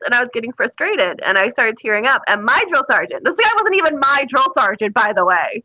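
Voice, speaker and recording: Bright, lively woman telling stories. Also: a little high, fast talker, few pauses. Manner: animated, laughing, mimics people in her stories. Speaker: guest. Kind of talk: casual storytelling. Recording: dull lo-fi audio.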